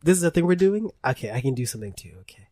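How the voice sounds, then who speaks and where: A tipsy young man co-hosting a podcast, excitable and swearing a lot, laughing often. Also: a little high, racing, dry recording, studio quality. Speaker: podcast co-host. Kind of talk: casual chat.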